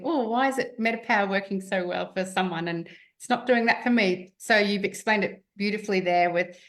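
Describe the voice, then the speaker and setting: Woman host interviewing a guest. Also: mid-range voice. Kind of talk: casual interview chat.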